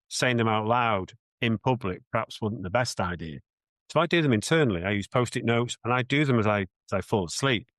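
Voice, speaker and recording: A British man with a fairly low voice answers interview questions as a mindset coach. He talks earnestly and reflectively, restarting phrases as he thinks. The sound is dry and close. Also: a bit bright, no echo.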